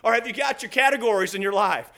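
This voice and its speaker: A man preaching a sermon, swinging between hushed asides and excited shouts, laughing often as he speaks. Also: sits high, quick pace, creaky. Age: adult with children.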